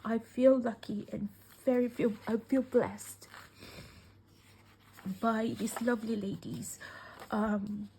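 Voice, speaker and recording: Slow-talking, gushing woman. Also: a little high, little pitch movement, slight background noise. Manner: gushing, emotional, often dropping to a soft whisper. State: teary. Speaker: craft vlogger. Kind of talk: casual unboxing chat.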